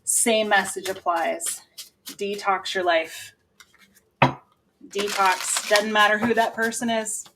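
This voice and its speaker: A woman giving a casual, lively tarot reading to her viewers, laughing often and breaking into loud exclamations. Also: medium pitch, takes it slowly, long pauses, background noise. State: sweating from channeling. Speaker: tarot reader.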